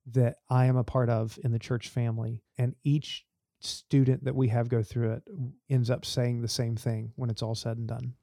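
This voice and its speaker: A man's voice: mid-range voice, level tone, moderate pace, gravelly, dark tone, no echo, clean studio sound. A man talking earnestly as a church youth leader in an interview, telling stories to make his points. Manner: earnest, storytelling. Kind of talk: podcast interview.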